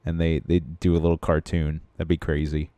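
A man's voice: very deep voice, flat delivery, normal speed, mellow, no room sound. A man co-hosting a podcast, chatting casually and easygoing, often trailing off and restarting his sentences. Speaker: podcast co-host. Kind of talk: casual chat.

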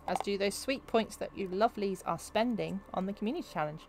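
A woman's voice: medium pitch, fairly quick, vocal fry, hardly any pauses, darkish tone, faint music behind. A young woman streaming a video game, chatting and giggling with her viewers as she plays. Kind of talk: casual gameplay commentary.

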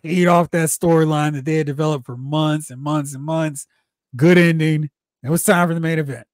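A man co-hosting a review podcast, talking casually with lots of animated play-by-play. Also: normal speed, no echo, studio quality. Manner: animated, acts out quotes with big pitch jumps; enthusiastic, a lot of rambling play-by-play.

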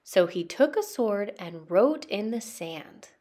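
A woman narrating a children's storybook as a voice-over interpreter. She tells it slowly and dramatically. Her pitch swings widely from line to line. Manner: slow, expressive, dramatic storytelling. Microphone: studio voice-over.

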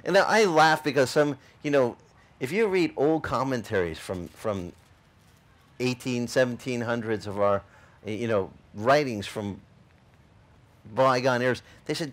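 A man's voice: mid-range voice, measured pace. A male pastor preaching a sermon in a casual, joking way, full of rhetorical questions to the congregation.

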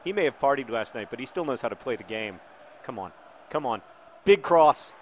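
A middle-aged man commentating on his own football video game, jokey and excitable, breaking into shouts at big moments. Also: medium pitch, quick pace, a little hiss or hum.

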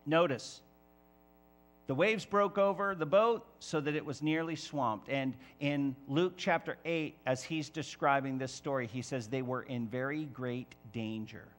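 A man preaching a sermon as pastor of a church, lively and emphatic, sometimes rising to near-shouts. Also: on the high side.

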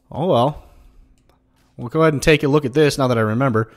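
A man commenting on his own baseball video game play, swearing and flaring up at bad pitches, and talking straight to his viewers. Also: moderate pace. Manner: swearing, frustrated outbursts at the game. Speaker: gaming YouTuber. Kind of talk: gameplay commentary.

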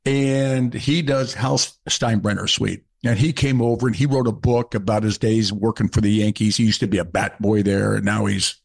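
An older man in his seventies, guest on a casual podcast, telling stories from his playing days. He talks in a relaxed, conversational way and now and then acts out what the fans yelled at him. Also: lowish voice, moderate pace, gravelly, few pauses. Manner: animated storyteller, acts out shouted quotes. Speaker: guest, former ballplayer. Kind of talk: casual storytelling.

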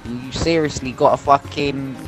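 A man's voice: mid-range voice, steady tone, moderate pace, faint music behind. A man ranting and swearing aggressively at another player over game voice chat. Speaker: angry online game player. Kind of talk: heated voice chat.

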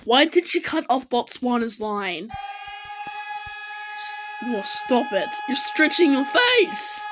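A young woman giving casual reaction commentary to animated videos, exclaiming and firing questions at the characters on screen. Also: a little high, takes it slowly, noisy background.

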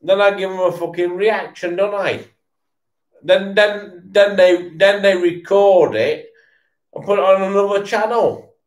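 This man's voice sits high, with a steady tone and an unhurried pace, and the recording has a roomy sound. He's had a few beers and is watching football, ranting casually with plenty of swearing, repetition and stammering restarts.

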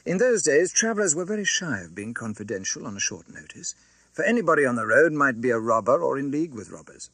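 A man reading a classic novel aloud as an audiobook narrator, with an expressive, dramatic delivery. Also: mid-range voice, fast, no echo.

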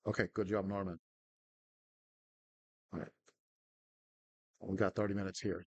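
Slow-talking man, husky and dry, calls player names tersely while gaming and swears when things go wrong. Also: low voice, level tone, no room sound, muffled recording. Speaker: podcast host playing a football management game. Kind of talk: casual live commentary on his own game.

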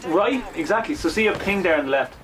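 A young Irish man hosting a comedy sketch, chatting quickly as he explains a video game. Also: high-pitched, expressive, a crowd in the background. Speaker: host. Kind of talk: casual gameplay chat.

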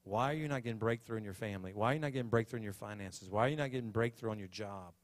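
A man's voice: lowish voice, very fast, no echo. A man, a pastor introducing a guest speaker and praying over her with rising fervor. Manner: fervent, rising prayer. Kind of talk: sermon introduction and prayer. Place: church sanctuary.

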